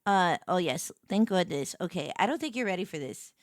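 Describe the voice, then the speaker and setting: A woman streamer chatting casually on a live stream. She gushes with excitement and thanks her viewers effusively. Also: on the low side, fairly quick, dry recording, clean studio sound.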